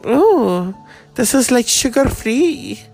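A man's voice: very high voice, sing-song, slow, vocal fry, a little mellow, faint music behind, voice pushed up, full character voice. A man voicing a flirty dieting female supermodel, coy and cooing.

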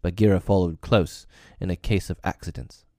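A man narrating a classic story for his own podcast, measured, a little hesitant when speaking off-script. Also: low voice, steady tone, warm tone, no room sound, studio quality.

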